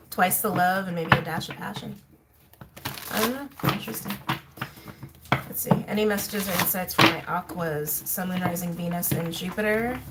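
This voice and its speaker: A woman giving a casual tarot reading to her viewers, talking in a chatty, musing way with fillers and soft laughs. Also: on the low side. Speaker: tarot reader. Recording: faint background noise and clicks.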